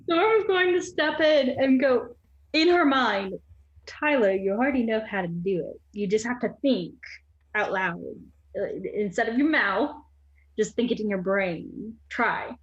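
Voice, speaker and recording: A woman's voice: a little high, lively intonation, measured pace, highs cut off. A woman playing a tabletop game, talking in a playful, coaxing, giggly way. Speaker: player. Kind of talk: tabletop role-play.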